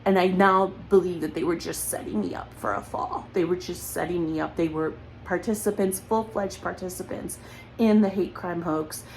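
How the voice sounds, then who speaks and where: A woman's voice: on the low side, fairly even intonation, normal speed, vocal fry, darkish tone, a little hiss or hum, poor audio. Tearful, accusatory woman. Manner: accusatory, repetitive, near tears. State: close to crying. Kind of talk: emotional personal monologue.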